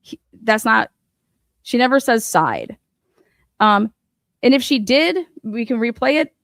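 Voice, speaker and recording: A woman's voice: a little high, animated, measured pace, a bit bright, dry recording, clean studio sound. A woman hosting a true crime podcast, talking bluntly and profanely as she walks through a case with plenty of fillers. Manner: profane and blunt, retelling events with lots of fillers. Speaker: host.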